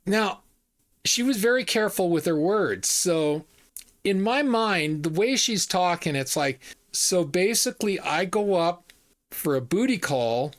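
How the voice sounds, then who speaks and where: Chatty man in his fifties, slightly high. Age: 50s. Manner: chatty, repeats phrases, frequent fillers. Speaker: vlog host. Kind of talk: casual storytelling.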